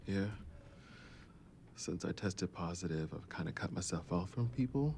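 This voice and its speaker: Quiet guarded survivor guy, deep voice, noisy clip. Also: animated, normal speed, gravelly. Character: withdrawn, hurting young male survivor.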